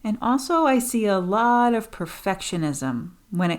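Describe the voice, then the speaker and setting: A woman's voice: mid-range voice, animated, measured pace. A woman voice coach hosting a teaching podcast, talking straight to her listeners and changing her pace for emphasis. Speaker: voice and speaking coach.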